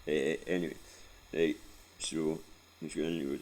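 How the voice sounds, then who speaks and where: A very deep-voiced Scottish man in his forties, gravelly and dark in tone, rambles through a sweary life story with frequent laughs. Soft background noise sits under his voice. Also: level tone, a little slow, low-quality recording. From Scotland. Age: 40s. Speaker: vlogger. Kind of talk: casual storytelling.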